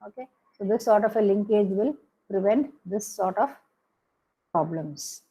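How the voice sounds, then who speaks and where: A woman's voice: medium pitch, unhurried, warm tone, slightly rough, rough recording. A woman giving a recorded lecture, explaining step by step with frequent "okay" and "hmm" fillers and self-corrections.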